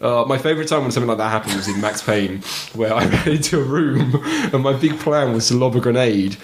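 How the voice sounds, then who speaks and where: A man's voice: mid-range voice, quick pace, background noise. Giggly man telling game stories. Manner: giggly, laughs through his own anecdotes. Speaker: podcast co-host. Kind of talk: casual chat about video games.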